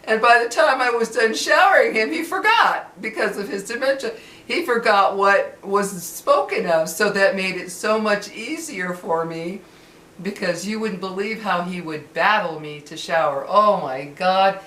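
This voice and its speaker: A woman's voice: medium pitch, unhurried. A woman and former caregiver talking casually and animatedly about a past job, laughing as she tells it. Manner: chatty, animated, laughs while telling. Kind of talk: casual storytelling to camera. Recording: roomy with faint ambient noise.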